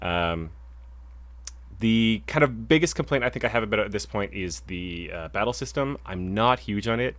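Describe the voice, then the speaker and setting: A man's voice: fairly low pitch, lively intonation, moderate pace, a bit bright, dry recording. A young man co-hosting a video game podcast, chatting casually and rambling with lots of restarts. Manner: rambling, many fillers and restarts. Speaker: podcast co-host. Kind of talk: casual chat.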